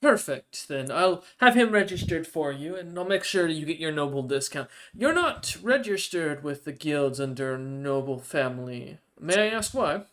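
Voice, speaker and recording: Guy doing a big formal goliath guild official, courteous and measured, voice on the high side. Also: expressive, fairly bright tone.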